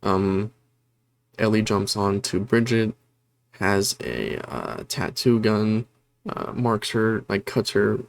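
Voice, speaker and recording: Slow-paced and lowish, with vocal fry, this man recaps a horror plot casually for his film review channel. He meanders with plenty of fillers, backtracks to fix his own mistakes, and says sorry for the disorganization.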